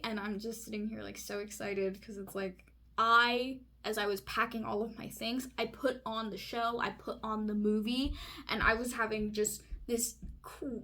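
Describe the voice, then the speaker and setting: A young woman from California telling a personal story in an excitable, chatty way, full of fillers. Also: fairly high pitch. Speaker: vlogger. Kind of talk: casual chat.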